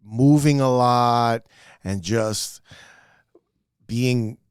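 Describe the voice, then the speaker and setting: A man's voice: mid-range voice, drawn-out words, clean tone, dry recording, clean studio sound. A man hosting a casual podcast chat, a stand-up comedian who talks candidly and laughs often. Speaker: podcast host.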